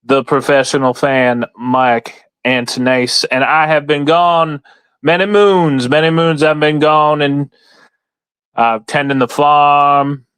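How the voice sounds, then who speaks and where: A man voicing a folksy Southern gentleman farmer, in a put-on Southern US drawl that is slow, grand and theatrical. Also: fairly high pitch, fairly even intonation, clean tone, no echo. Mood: grandly folksy.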